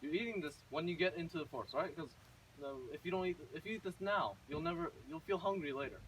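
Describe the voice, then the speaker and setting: A man's voice: on the high side, quick pace, fairly bright tone, far from the mic, a little hiss or hum, lightly acted, rough recording. A man voicing a bossy, scheming stepmother in his own casual voice, curt and ordering.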